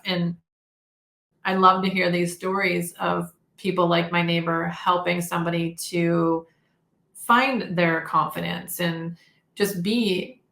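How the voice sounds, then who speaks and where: A woman's voice: fairly low pitch, vocal fry, fairly bright tone, echoey room. A woman in her fifties, a guest in an interview, telling stories in an effusive, chatty way. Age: 50s. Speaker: guest inventor. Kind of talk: casual interview chat.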